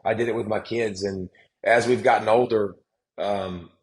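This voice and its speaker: A man, telling stories as a podcast guest, emphatic and animated, often restarting his sentences. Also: lowish voice, moderate pace, poor audio. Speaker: guest, former football player and analyst. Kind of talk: casual podcast conversation.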